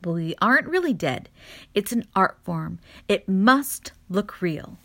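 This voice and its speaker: A woman's voice: medium pitch, sing-song, measured pace, fairly bright tone, heavily acted. Woman reading a mother possum, wise, dramatic, lecturing, storybook voice. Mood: solemn. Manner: solemn, theatrical, lecturing.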